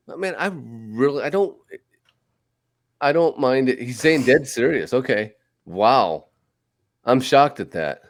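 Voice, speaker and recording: A man hosting a podcast, chatting casually and rambling with lots of fillers and restarts. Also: on the low side. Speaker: podcast host. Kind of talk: casual chat about movies.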